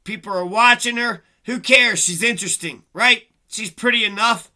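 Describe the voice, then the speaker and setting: Vlogger, male, high tense voice; rambling profane rant, aggrieved delivery. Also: moderate pace, sharp tone. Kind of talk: casual ranting monologue.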